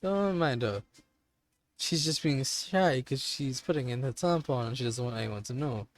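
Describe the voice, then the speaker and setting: A man's voice: medium pitch, moderate pace, lightly acted. A man putting on an eager, dim werewolf boy. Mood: earnest, eager. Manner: excitable, earnest. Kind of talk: voicing a visual novel character.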